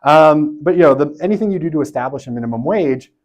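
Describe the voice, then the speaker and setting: A man's voice: on the high side, expressive, quick pace. Man giving a casual lecture. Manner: conversational, tags points with "right?". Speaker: university lecturer. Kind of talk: university lecture.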